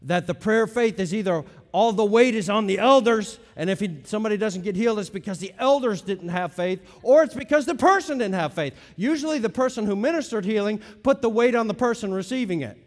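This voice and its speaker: A middle-aged man with a high voice preaches through a teaching sermon. He leans hard on key words, then drops to softer asides, and his voice rings with the long reverb of a big hall. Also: fairly quick, few pauses. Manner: emphatic, swings between loud stresses and quiet asides. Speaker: pastor.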